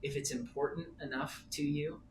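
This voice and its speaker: A man's voice: fairly high pitch, normal speed. Man telling a story in an echoey room. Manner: animated, self-amused storytelling. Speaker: presenter at a sales meeting. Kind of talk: casual storytelling talk. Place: meeting room. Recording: roomy, distant, noisy meeting room.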